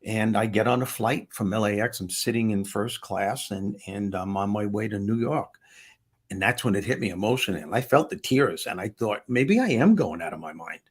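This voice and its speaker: A man, a former comedian turned motivational speaker, telling a story in a conversation with lively restarts and self-corrections. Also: on the low side, moderate pace, breathy edge.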